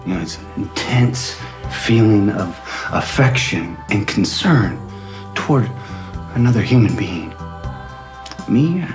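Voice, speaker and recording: An actor playing a calm, menacing groomsman who speaks in a measured, mock-polite way, in a movie trailer. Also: on the low side. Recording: movie trailer with loud music. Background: music.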